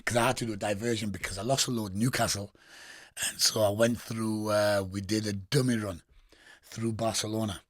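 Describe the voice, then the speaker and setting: Husky Geordie man telling stories. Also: on the low side, flat delivery, brisk, no echo, studio quality. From England. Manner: swearing, laughing storyteller with street slang. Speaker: guest. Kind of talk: casual storytelling interview.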